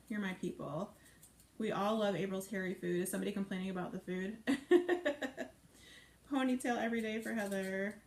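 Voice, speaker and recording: A woman hosting a live cooking stream, chatting playfully and reading out viewer comments as she cooks. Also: medium pitch. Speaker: cooking show host. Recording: echoey room with faint noise.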